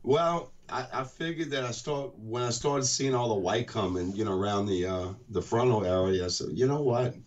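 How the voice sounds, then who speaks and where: A man from Louisiana with a Cajun accent, chatting loudly and jokingly over an internet call on a radio show. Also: fairly low pitch, moderate pace, few pauses, distant mic, highs cut off. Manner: loud, joking, rambling storyteller. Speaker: guest co-host on a call. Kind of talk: casual radio chat.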